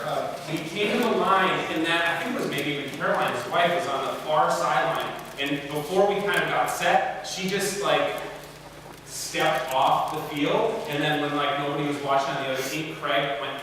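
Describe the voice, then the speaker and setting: A man's voice: on the high side, background noise. A middle-aged man giving a casual, joking talk as a guest chapel speaker, loose and full of fillers. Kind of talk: humorous storytelling talk. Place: large chapel hall. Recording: echoey chapel hall heard from far off.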